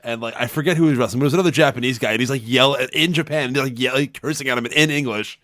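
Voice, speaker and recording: A man's voice: medium pitch, rapid-fire, fairly bright tone, no echo. A man co-hosting a casual wrestling podcast, dropping dry jokes and short remarks. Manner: dry joking interjections. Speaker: podcast co-host. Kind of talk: casual chat.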